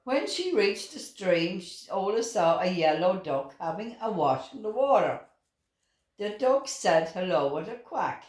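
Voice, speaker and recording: An older woman reads a children's story aloud, slowly and expressively, with a voice that rises and falls a great deal. The recording sounds roomy, with a clear echo around her. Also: fairly low pitch. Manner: slow and expressive, with lively voices. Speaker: grandmother reading to children. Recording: roomy echoing room.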